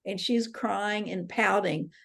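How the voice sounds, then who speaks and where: Brief: woman teaching a dream workshop, gravelly voice, earnest storyteller. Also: mid-range voice, slow pace, a bit bright. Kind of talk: teaching talk with retold dreams. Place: interfaith center workshop.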